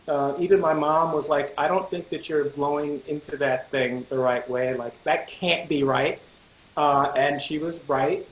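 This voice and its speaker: Animated man telling a story in a roomy echo. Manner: animated storyteller, acts out quotes with sudden high-pitched outbursts. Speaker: guest musician giving a masterclass. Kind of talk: storytelling talk to students.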